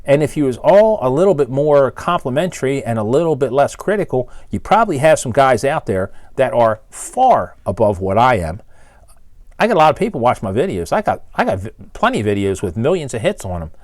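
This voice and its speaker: A man's voice: medium pitch, a little mellow, dry recording, studio quality. Ranting man with a Baltimore accent. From Maryland, Baltimore area. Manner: blunt, exasperated, ranting. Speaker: engine builder and shop owner. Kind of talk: one-take rant to camera.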